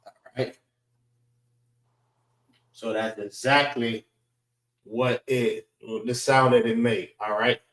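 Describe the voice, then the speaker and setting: A man teaches a class, walking through letter sounds slowly and patiently. He repeats each sound and checks in with "all right" as he goes. His voice carries a roomy echo. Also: medium pitch, fairly even intonation, fairly bright tone.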